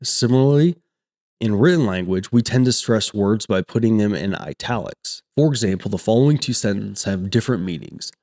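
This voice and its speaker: A man explaining a coding topic step by step, reading example sentences aloud in a steady teaching manner. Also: on the low side, normal speed. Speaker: coding tutor. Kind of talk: screen-recorded coding lesson.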